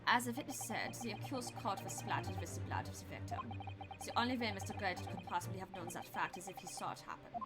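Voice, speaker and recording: A woman voicing a cold, haughty aristocratic male prosecutor, reading game dialogue in a measured, cutting way. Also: mid-range voice, loud music behind the voice, voice pushed down, natural voice.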